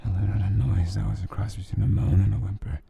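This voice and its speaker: A man reading a story aloud in a slow, soft, intimate manner as whispered role-play. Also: sits low, level tone, vocal fry, muffled recording, a little hiss or hum. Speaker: ASMR storyteller.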